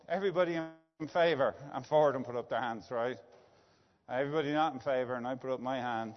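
A man's voice: medium pitch, fairly quick. A middle-aged Irish man, a business executive, telling a story in a conversational way, often checking in with "right?". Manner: anecdotal, tag questions like "right?". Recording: dull lo-fi sound with long reverb.

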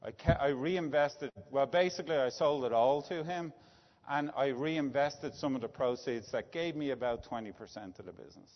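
A man's voice: mid-range voice, moderate pace. A middle-aged Irish man, a business executive, telling a story in a conversational way, often checking in with "right?". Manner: anecdotal, tag questions like "right?". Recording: dull lo-fi sound with long reverb.

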